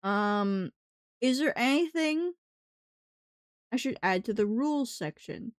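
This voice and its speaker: A woman's voice: a little high, animated, slow, smooth, no echo, studio quality. A woman streamer chatting casually on a livestream, cooing baby talk at her cats and teasing them with casual swearing.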